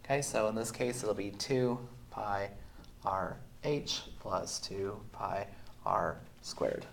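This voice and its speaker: A man who is sick, teaching a recorded math lesson in a relaxed way with many fillers, going through the steps slowly. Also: lowish voice, vocal fry, slight background noise. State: sick, voice sounds off. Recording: roomy echo.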